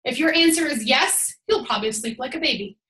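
High, bright-voiced energetic woman coach. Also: a little fast, echoey room. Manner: energetic, emphatic, chatty with many "like"s. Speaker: team coach. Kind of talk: motivational team call talk. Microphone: call audio.

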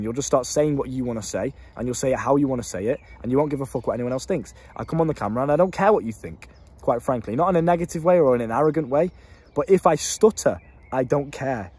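A man's voice: a little high, husky. A young man giving blunt dating advice straight to camera, swearing freely and laughing at himself. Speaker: dating coach. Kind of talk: casual advice monologue to camera.

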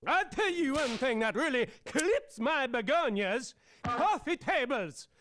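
A man voicing an excitable Swedish comedian who rants indignantly about everyday things, with a Swedish accent. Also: extremely high pitch, a little slow, exaggerated voice. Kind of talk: cartoon voice acting.

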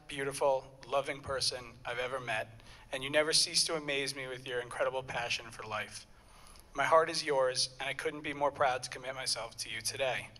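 A man's voice: mid-range voice, bright, forceful tone. A young man, the groom, reading earnest wedding vows at his ceremony. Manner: earnest, a bit nervous, stumbles once.

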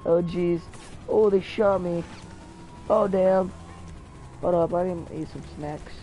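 High-voiced man yelling at a game. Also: takes it slowly, soft background music, rough recording. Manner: excitable, mutters and curses at the game. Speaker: gamer. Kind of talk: solo gameplay commentary.

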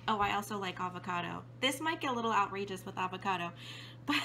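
A bubbly young woman chatting to her camera at home, giggly and quick to exclaim. Her voice is high and bright, with a faint hiss behind it, and she is talking through a lingering cold. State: has a cold. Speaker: vlogger and streamer. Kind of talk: casual vlog chat. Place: home kitchen and computer desk.

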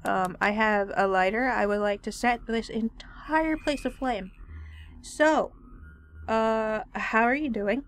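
A woman with a slightly high voice narrates a game in casual commentary. She takes her time, drawing out her words as she jokes, grumbles and teases the on-screen characters with dry sarcasm. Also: slow. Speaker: let's play gamer.

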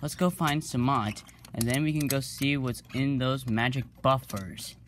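A man's voice: medium pitch, unhurried, fairly bright tone, a little hiss or hum, close to an everyday voice. A man voicing a brave little male blue tank engine who talks eagerly and with determination.

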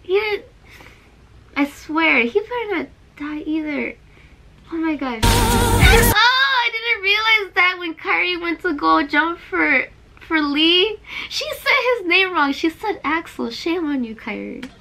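A woman's voice: extremely high pitch, expressive, unhurried, creaky, bright, forceful tone, slight background noise. A young woman reacting to a game trailer in a vlog, exclaiming and tearful. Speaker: video reactor. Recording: trailer music playing behind.

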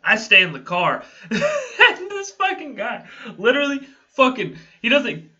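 A man's voice: extremely high pitch, huge pitch swings, measured pace, pushed and bright, dull audio. Young man telling a rambling story. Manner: rambling, laughing often, swearing. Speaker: vlogger. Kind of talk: casual storytime.

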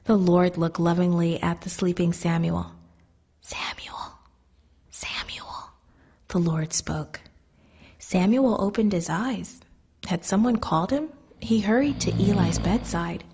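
A woman telling a children's Bible story in a gentle, soft manner, often dropping to a whisper. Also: lowish voice, a little slow, breathy edge.

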